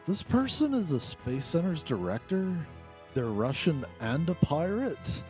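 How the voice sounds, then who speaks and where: A man's voice: on the high side, very animated, a little slow, over music. A man voicing a sarcastic young male defense lawyer in an amateur game reading, with wry, drawling asides.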